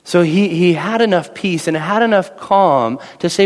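In a church with long hall reverb, a pastor in his thirties delivers a conversational sermon. His voice sits high and moves at a moderate pace with barely any pauses as he repeats phrases and acts out quoted voices.

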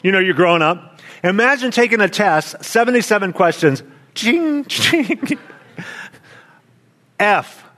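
A man, a pastor, preaching a sermon in church in an animated, storytelling way, acting out quoted voices. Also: high-pitched, measured pace.

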